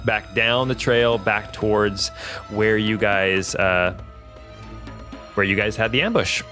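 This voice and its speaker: A man's voice: fairly low pitch, takes it slowly, bright, forceful tone, faint music behind. A man narrating as game master of a tabletop game, loose and hesitant with fillers.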